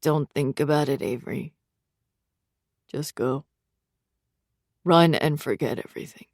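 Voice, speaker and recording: A detached, faintly unhinged young man speaks low and slow, as a woman narrator reads him. His lines come quiet and flat with an eerie calm. An audiobook reading. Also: no echo, studio quality.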